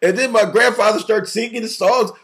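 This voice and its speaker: A man's voice: sits high, animated, a little fast, fairly bright tone. A man co-hosting a casual chat, talking animatedly, repeating words, acting out quotes and laughing often. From family from the Southern US. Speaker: podcast co-host.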